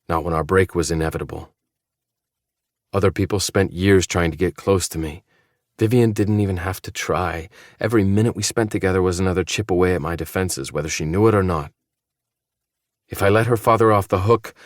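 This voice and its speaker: A man narrating a first-person novel in an audiobook, with a measured, low-key, intimate reading. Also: no echo, clean studio sound.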